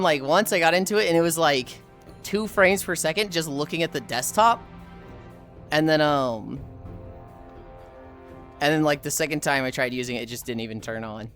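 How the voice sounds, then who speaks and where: Her bass voice runs at a normal speed with frequent pauses as this woman in her thirties streams live, telling animated stories to her chat and friends and often laughing. There's soft music in the background.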